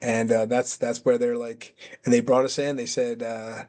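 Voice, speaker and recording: A man's voice: mid-range voice, little pitch movement, moderate pace, a little mellow. Rambling man telling a story. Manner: rambling, restarts, acts out quotes. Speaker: interview guest, former wrestler. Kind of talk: casual storytelling.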